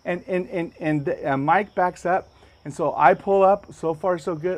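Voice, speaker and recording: Animated storytelling man, slightly high voice. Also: a little slow. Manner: acts out other people's lines in a high excited voice. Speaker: podcast host. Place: podcast studio.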